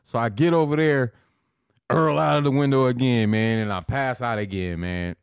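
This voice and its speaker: A man's voice: mid-range voice, creaky, clear, resonant tone, dry recording, studio quality. A man in his thirties telling drinking stories in casual, profane chat. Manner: laid-back, profane, drawn-out storytelling.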